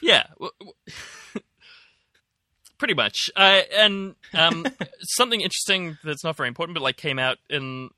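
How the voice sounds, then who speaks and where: A man's voice: a little high, moderate pace, pushed and bright, no room sound, studio quality. A young man co-hosting a casual news podcast, rambling with lots of "like" and a wry tone. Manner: rambling, many likes, wry. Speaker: podcast co-host.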